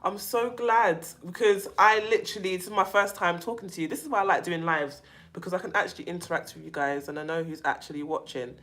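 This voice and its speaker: A woman with a London accent hosting a casual livestream, chatting to viewers and reading their comments, outspoken and animated with frequent laughter and slang. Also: fairly low pitch, quick pace. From England. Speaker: YouTube livestream host.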